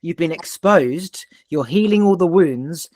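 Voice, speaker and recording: A man's voice: on the high side, expressive, measured pace, a little mellow, no room sound. Intense, emphatic man with a dry close sound. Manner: intense, emphatic storytelling with profanity. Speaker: podcast host. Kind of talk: casual conversation.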